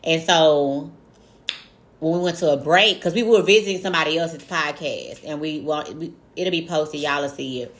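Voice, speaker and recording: A woman co-hosting a podcast, chatting casually with blunt, teasing remarks and quick comebacks. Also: low-pitched, fairly bright tone. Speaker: podcast co-host.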